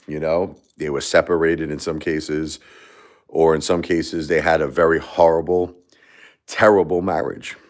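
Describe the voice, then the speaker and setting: Deep-voiced man rambling on a livestream. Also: little pitch movement, unhurried. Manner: rambling, heartfelt, conversational. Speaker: livestream host. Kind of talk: casual livestream talk.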